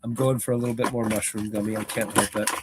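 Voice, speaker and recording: A man with a rough, roughened voice reading a book aloud and chatting casually on a live stream. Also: fairly low pitch, little pitch movement, fast talker, very noisy. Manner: chatty and self-deprecating, with fillers.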